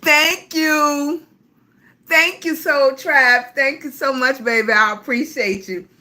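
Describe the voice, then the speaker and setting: A woman's voice: high voice, takes it slowly. A middle-aged woman hosting a casual livestream, chatting freely with viewers and calling them baby, with an occasional cough. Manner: talkative, warm-hearted, calls viewers baby. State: coughing at times. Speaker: livestream host.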